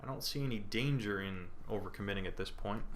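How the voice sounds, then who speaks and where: Here a young man with a fairly low voice talks fast over background noise, casually commentating on his card game. Hesitant and thinking aloud, he puts on a playful panic between moves, recorded indoors at home with planes passing overhead.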